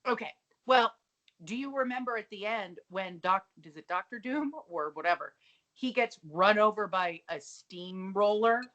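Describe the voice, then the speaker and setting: A woman's voice: mid-range voice, normal speed, fairly bright tone, highs cut off. A woman co-hosting a podcast, chatting casually and sardonically about a sitcom episode, swearing freely. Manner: sardonic, swears, acts out quotes. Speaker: podcast co-host.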